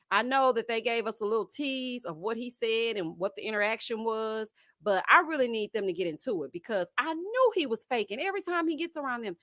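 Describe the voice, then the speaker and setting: A woman's voice: a little high, no room sound, studio quality. A woman hosting a live stream, chatting casually and sassily with her viewers, calling them honey and laughing at her own jokes. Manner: sassy and expressive, addressing viewers as honey and y'all. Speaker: host of a live reality-TV review stream.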